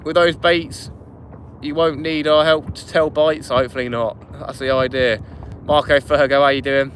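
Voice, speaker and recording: A man's voice: mid-range voice, little pitch movement, normal speed, fairly bright tone. A man hosting a live fishing stream from a small inflatable boat at night, chatting and greeting viewers by name. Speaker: fishing channel host. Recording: wind noise on an open boat. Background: wind and water.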